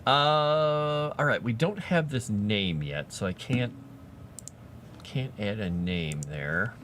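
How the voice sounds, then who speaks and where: A man chatting casually with his live-stream audience while writing fantasy lore, animated and quick to laugh. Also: fairly low pitch, slight background noise. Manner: animated, chatty, laughs often, talks to chat.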